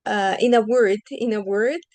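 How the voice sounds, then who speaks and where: A woman's voice: medium pitch, unhurried, darkish tone, no echo, rough recording. A woman teaching Arabic reading in an online lesson, asking questions patiently and stretching out the example sounds.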